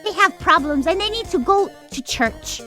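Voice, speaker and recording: A woman's voice: very high voice, expressive, moderate pace, bright, forceful tone, soft background music, voice pushed up, exaggerated voice. A woman putting on her scandalized mother. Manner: indignant, scandalized. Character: shocked, disapproving churchgoing mother.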